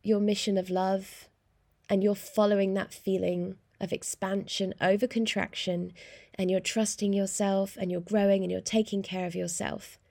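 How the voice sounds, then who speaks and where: A young woman hosting a solo podcast, chatting in an animated way and laughing often, talking from a small room. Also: medium pitch, gravelly, no room sound, studio quality. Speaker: podcast host. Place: small room in hospital accommodation.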